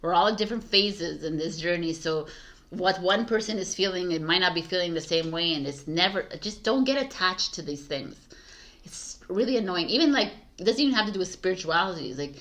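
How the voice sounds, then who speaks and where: Tarot lady venting casually, lowish voice, swears a lot, lots of likes and ums. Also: moderate pace, a bit bright. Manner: candid, swears freely, lots of fillers. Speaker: tarot reader. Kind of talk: casual spiritual monologue.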